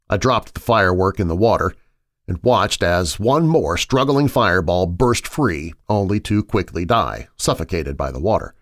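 Low-voiced man narrating a horror tale. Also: no room sound, clean studio sound. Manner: measured, suspenseful storytelling. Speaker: horror podcast host and narrator. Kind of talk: scripted horror story narration.

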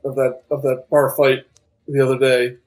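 Folksy innkeeper, friendly, man of middle years, a man voicing him, tabletop game, mid-pitched voice. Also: little pitch movement, normal speed, darkish tone, natural voice.

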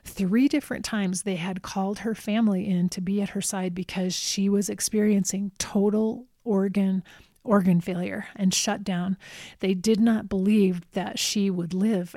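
A woman who visits a nursing home tells a personal story in a calm, measured way, repeating words for emphasis. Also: mid-range voice, no echo, studio quality.

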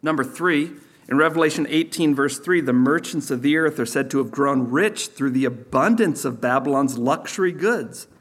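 A man's voice: medium pitch, normal speed, fairly bright tone. A man preaching a sermon as pastor, teaching in a conversational way with sarcastic asides.

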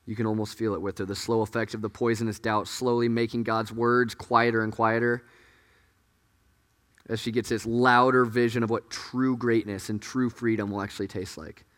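A man preaching a sermon as pastor, earnest and conversational, often dropping to hushed tones. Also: fairly low pitch, little pitch movement, moderate pace. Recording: echoey hall.

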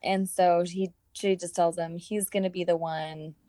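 A woman talking about a film in an animated, chatty way, laughing often as she retells scenes. Her voice sits a bit low and sounds close and dry. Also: unhurried, no room sound. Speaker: podcast co-host. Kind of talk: casual chat.

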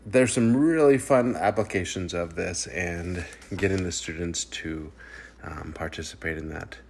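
Guy teacher w a deep low voice, rambly, lots of ums, chill podcast talk. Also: gravelly, a little hiss or hum. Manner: rambling, with many fillers. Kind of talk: casual solo podcast about teaching.

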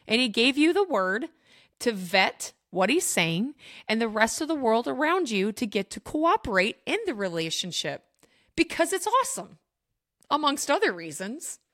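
A woman's voice: fairly high pitch, sing-song, moderate pace, a bit bright, no echo, clean studio sound. A woman hosting a faith podcast, talking earnestly and emphatically straight to her listeners. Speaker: podcast host. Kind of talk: faith teaching podcast talk.

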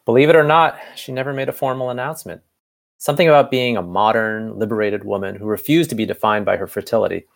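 A man's voice: lowish voice, fast, vocal fry. A man reading the lines of a wisecracking grown man who teases his old friend, in an amateur fan fiction reading. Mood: teasing.

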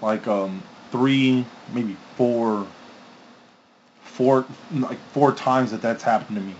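A man's voice: mid-range voice, slow pace, darkish tone. A man co-hosting a casual podcast, laid-back, jokey and swearing casually. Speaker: podcast co-host. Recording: dull lo-fi sound with faint room noise.

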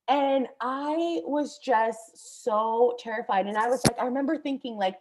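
Young female vlogger, slightly high voice, casual storytelling full of fillers. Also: normal speed. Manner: breathless, animated, many fillers; swears casually.

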